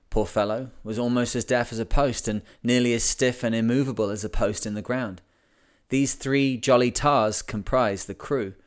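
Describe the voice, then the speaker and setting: A man hosting a podcast, reading an old sea memoir aloud in a measured, deliberate way. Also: medium pitch, clear, resonant tone. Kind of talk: audiobook narration of a memoir.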